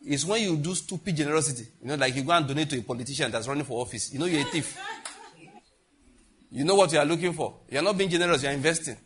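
A man preaching a sermon as pastor, repeating phrases and swinging between loud and hushed delivery. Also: on the high side, fast talker, a little hiss or hum.

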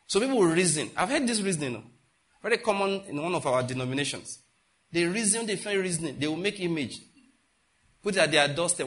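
Preaching with force, this male pastor keeps challenging his flock with rhetorical questions, his voice swelling and dropping in both loudness and pitch.

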